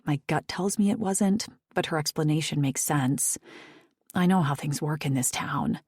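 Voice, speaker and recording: A woman's voice: sits low, normal speed, breathy edge, no room sound, studio quality. Woman reading Savannah, guarded and secretive. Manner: evasive, quiet.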